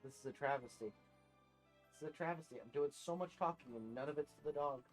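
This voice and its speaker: A man's voice: on the high side, quick pace, soft background music. Young man on a casual game stream. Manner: soft cooing to his dog, rambling with many fillers. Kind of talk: casual live-stream chat.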